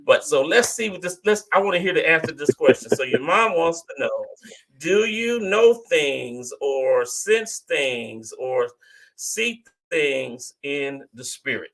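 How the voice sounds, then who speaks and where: Man, talk show host, bright forceful tone, casual, repeats phrases, encouraging. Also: on the high side, unhurried. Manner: lively, repeats himself, draws stories out of guests.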